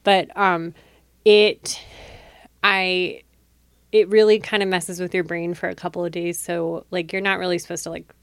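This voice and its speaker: A woman in her thirties talks through a personal story on a podcast, her voice sitting on the low side. She rambles casually, leaning on "like" and breaking into laughs often. The sound is dry and close, with no room around it. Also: little pitch movement, normal speed, a bit bright, clear, resonant tone, no echo. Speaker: podcast host. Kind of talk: casual chat.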